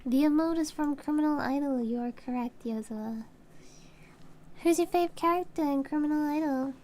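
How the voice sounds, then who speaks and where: A woman's voice: high-pitched, normal speed, dark tone. A woman hosting a casual game dev livestream, playful and affectionate, teasing her partner and greeting her viewers.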